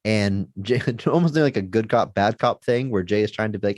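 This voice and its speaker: A man's voice: on the low side, brisk, darkish tone, no echo, clean studio sound. A man co-hosting a podcast, chatting casually about a movie with enthusiasm and frequent laughter. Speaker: podcast co-host.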